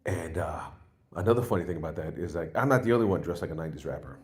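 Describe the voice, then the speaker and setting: Lively, rambling New comic, forties. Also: male voice, very deep voice, very fast. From New York. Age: 40s. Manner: rambling and self-mocking, with loud jumps into put-on exclamations. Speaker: stand-up comedian. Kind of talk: stand-up set.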